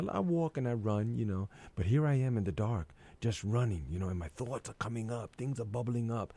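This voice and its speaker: A man with a low, gravelly, husky voice talks in a relaxed podcast chat. He tells lively stories and acts out the thoughts in his head, sometimes rising to a shout. The sound is dry and close to the mic. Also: dry recording. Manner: animated storyteller, acts out his own inner voice. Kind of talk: casual conversation.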